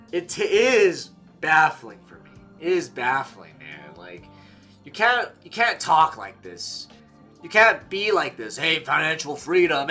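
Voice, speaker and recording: A man's voice: high-pitched, bright, forceful tone. A young man giving blunt, exasperated reaction commentary, swearing freely and mocking what he reads. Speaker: commentary streamer.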